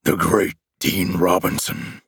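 A man voicing a towering, mocking male demon monster with a gravelly growl, speaking slowly in an audiobook reading. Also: low-pitched, fairly even intonation, a bit bright, no echo, studio quality, exaggerated voice. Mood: taunting. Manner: slow, taunting, deliberate.

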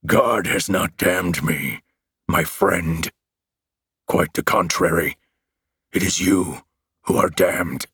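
A man growling as a gravelly mocking demon. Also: deep voice, fairly bright tone, no echo, clean studio sound, heavily acted. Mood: taunting. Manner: slow, taunting, deliberate. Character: towering mocking male demon monster, cruel. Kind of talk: audiobook fiction reading.

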